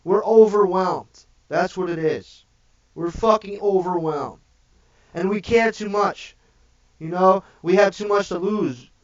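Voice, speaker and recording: A man's voice: high voice, slow. A man giving a preachy, profane livestream rant, repeating "okay?" after each point. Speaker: livestream host. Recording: dull distant mic.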